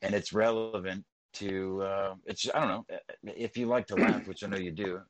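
A man's voice: deep voice, moderate pace, no room sound, rough recording. A man rambling in casual podcast chat, swearing often and restarting his sentences.

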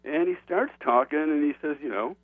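A man, an author and guest, telling a casual anecdote in an animated, conversational way. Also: on the high side, a little fast, no room sound. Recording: dry tinny phone line.

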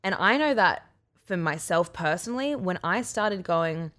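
A woman's voice: on the low side, lively intonation, measured pace, a bit bright. A young woman co-hosting a podcast, talking candidly and animatedly in casual chat, often mocking herself. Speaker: podcast co-host.

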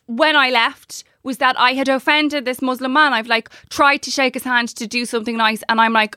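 A woman, telling a long, animated anecdote on a podcast, swearing freely as she goes. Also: high-pitched, normal speed, hardly any pauses, dry recording, studio quality. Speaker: podcast co-host. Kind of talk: casual storytelling chat.

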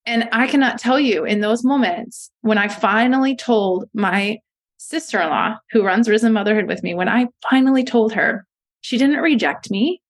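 A woman in her thirties speaks as an interview guest, her voice sitting a little higher than most. She tells personal stories in an earnest, reflective way, pausing to find her words. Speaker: podcast guest, mother of a disabled child. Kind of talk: conversational interview.

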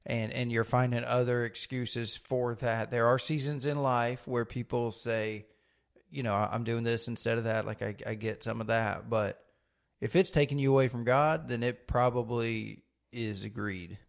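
A middle-aged man in a casual faith podcast chat, talking in a thoughtful, halting, wry way. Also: medium pitch, fairly even intonation, creaky. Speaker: co-host.

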